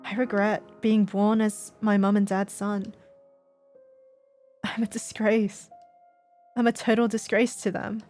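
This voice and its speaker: A woman's voice: medium pitch, little pitch movement, a little slow, pauses often, darkish tone, soft background music, lightly acted. A woman voicing a dejected, self-hating teenage boy in a visual novel, speaking in despair. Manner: despairing, hopeless self-loathing. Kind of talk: voiced visual novel reading.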